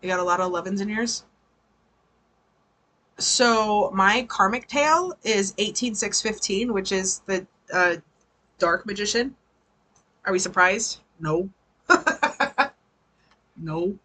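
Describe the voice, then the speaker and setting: A woman's voice: medium pitch, slow, long pauses, sharp tone, poor audio. A woman giving a casual, chatty live tarot reading, swearing freely and laughing often. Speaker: tarot reader.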